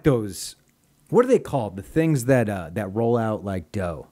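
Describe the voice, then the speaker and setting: A man's voice: on the low side, very animated, measured pace, dark tone. A young man, a comedian guest on a podcast, telling a rambling, profane story in casual chat. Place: podcast studio.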